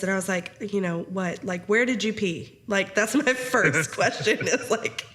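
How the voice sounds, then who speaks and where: Laughy woman cohost in her 30s, chatty and animated, telling parenting stories. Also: mid-range voice, moderate pace. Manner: giggly, animated storytelling with frequent laughter. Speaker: podcast co-host. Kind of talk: casual podcast chat.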